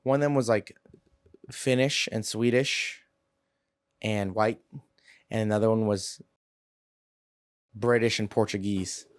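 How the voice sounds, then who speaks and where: A man's voice: on the low side, steady tone, slow pace, pauses often. A man from Santa Clarita on a casual podcast, hesitant, often repeating words and trailing off. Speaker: podcast co-host. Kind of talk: casual chat.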